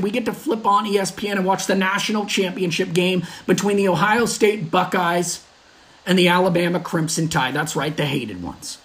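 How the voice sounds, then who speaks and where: A man hosting his own sports podcast, talking in a brash, trash-talking fan manner. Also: sits high. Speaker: podcast host. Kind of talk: solo sports podcast monologue.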